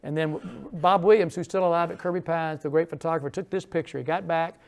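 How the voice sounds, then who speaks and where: An older man lectures on local history in a chatty, storytelling way, tossing in asides and questions to the audience. His voice sits a touch high and has a gravelly, creaky edge. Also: steady tone, brisk. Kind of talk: informal history lecture with slides. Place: lecture hall.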